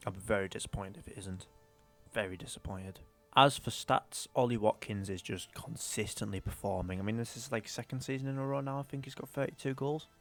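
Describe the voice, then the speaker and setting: A man's voice: lowish voice, fairly quick, fairly bright tone, faint music behind. A young man giving casual, rambling commentary on a football career-mode save. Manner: chatty, rambling, mildly exasperated. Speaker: gaming YouTuber.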